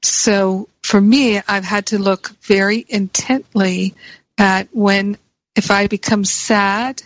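A woman giving a slow, earnest spiritual talk as a teacher, repeating key phrases for emphasis. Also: mid-range voice, fairly even intonation, no room sound, muffled recording.

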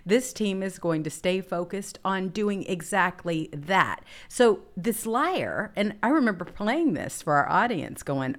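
A woman hosting a casual political talk show, indignant and quick to laugh as she reads quotes and reacts. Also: medium pitch, lively intonation. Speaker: host.

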